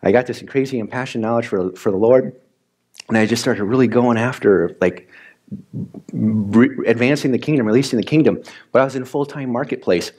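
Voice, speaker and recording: Midwestern male pastor, conversational and animated sermon, mid-pitched voice. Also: a little fast, slightly rough. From Wisconsin, US. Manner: chatty and animated, acts out his own reactions. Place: church sanctuary.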